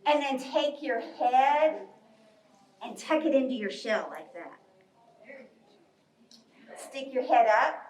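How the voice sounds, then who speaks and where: A woman's voice: sits high, slow, pauses often, a little mellow. A woman leading a children's yoga storytime class in a library, cheery and encouraging with small children. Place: library room. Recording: echoey room from far off.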